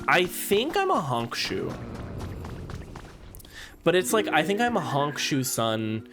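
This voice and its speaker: Playful gameplay streamer, lively intonation, casual and joking. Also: medium pitch, measured pace, pauses often. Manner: playful, chatty, laughs often. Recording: game music playing behind.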